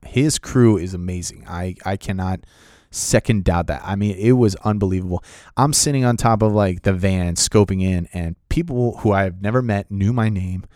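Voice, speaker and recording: Guy telling a story about being on set, kinda low voice, excitable and rambling, lots of ums, dry sound. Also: normal speed, no echo. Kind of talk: casual anecdote.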